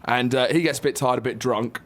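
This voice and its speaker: A man at a medium pitch co-hosts a relaxed radio show. He tells family stories with an easy manner and laughs often along the way. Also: a little fast. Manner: laughs through anecdotes, relaxed. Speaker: co-host. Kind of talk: casual chat, storytelling.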